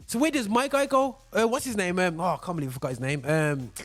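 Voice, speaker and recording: A man with a slightly higher than usual voice hosts a casual football chat. He talks emphatically, doubling back and repeating words as he pushes his opinions, with faint music underneath. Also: fast talker. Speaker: podcast host.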